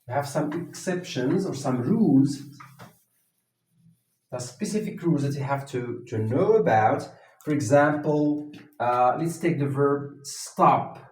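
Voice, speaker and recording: A man teaching an English grammar lesson at a whiteboard, talking slowly and haltingly, with many fillers and restarts. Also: medium pitch, a little mellow, recorded from a distance. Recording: echoey room, voice from off the mic.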